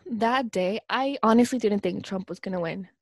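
A woman's voice: medium pitch, normal speed, no echo, studio quality. A young woman in a casual chat, speaking in an earnest, reflective way.

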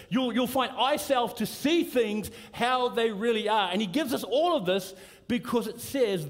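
A man's voice: high voice, moderate pace. A middle-aged man preaching a sermon as pastor, in a conversational, anecdotal way with frequent restarts. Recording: long hall reverb from church service.

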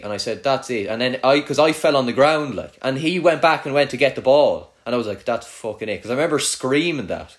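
A young man with a rural Irish accent chatting casually, swearing freely and trailing off into mutters. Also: medium pitch. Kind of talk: casual chat.

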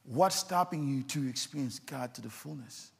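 A man's voice: mid-range voice, moderate pace, creaky, husky. A man preaching a sermon as pastor, repeating insistent questions to the congregation.

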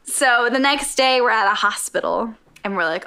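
A young woman co-hosts a casual podcast recap, playful and animated. Her voice sits fairly high and bright, and her pitch swings freely. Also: normal speed, smooth. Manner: animated and playful, acts out scenes. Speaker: podcast co-host. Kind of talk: casual chat recapping an anime.

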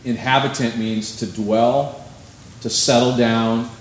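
A man preaching a sermon as pastor, conversational and animated, with sudden emphasis. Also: mid-range voice, takes it slowly, a little hiss or hum. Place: church sanctuary. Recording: echoey room, faint ambience.

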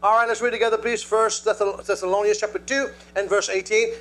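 A male preacher delivering a sermon, telling a story and calling out to the congregation in an animated way. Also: high-pitched, a little fast, hardly any pauses.

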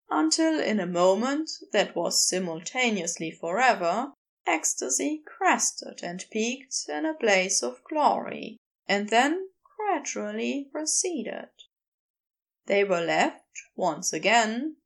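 A woman narrates a story aloud in a slow, emotive way. Her voice is gravelly, with a lively rise and fall, slightly high. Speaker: podfic reader. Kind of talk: audiobook narration.

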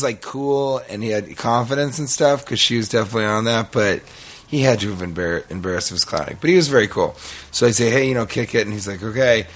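A man's voice: on the low side, a bit bright. A man co-hosting a podcast, telling a long story in a rambling, profane, self-mocking way. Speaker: podcast co-host. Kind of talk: casual storytelling chat.

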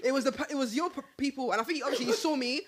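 A woman's voice: sits high, racing. A woman, co-hosting a podcast and telling a story in casual chat, acting out what people said and breaking into laughter. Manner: animated, acts out quoted lines, bursts into laughter. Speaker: podcast co-host.

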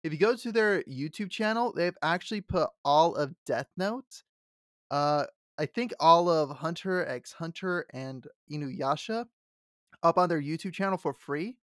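A man co-hosting a fantasy podcast in casual chat, excitable and laughing often, stumbling over his words. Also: a little high, a little slow, no room sound, clean studio sound. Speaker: podcast co-host.

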